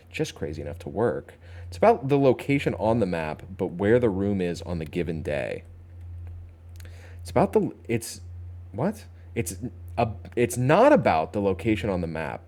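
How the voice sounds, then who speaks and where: A man's voice: low-pitched, sing-song, a little slow, a little mellow. A young man streaming a puzzle game, thinking aloud, joking and talking back to his chat. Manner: chatty, talks to chat, thinks aloud, playful. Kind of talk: casual gameplay commentary. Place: home streaming setup.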